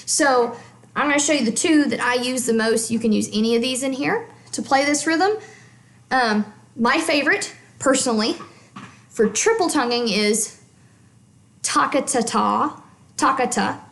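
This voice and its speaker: A woman's voice: sits high, animated, normal speed, echoey room. A woman music teacher explaining in a casual, chatty way, often checking in with the listener. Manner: chatty, checks in with frequent "okay?". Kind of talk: casual instruction.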